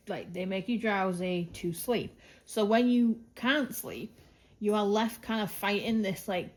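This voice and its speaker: A woman's voice: mid-range voice, darkish tone. A woman talking casually at home in a craft vlog, rambling along with lots of "like" and "um". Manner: chatty and rambling, many "like" and "um" fillers. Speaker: craft vlogger. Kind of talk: casual monthly roundup vlog. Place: at home indoors.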